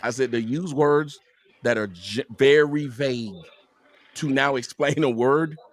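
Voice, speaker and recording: A man arguing emphatically on a live-stream panel, sometimes rising to a shout. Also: mid-range voice, measured pace. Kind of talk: heated live-stream debate.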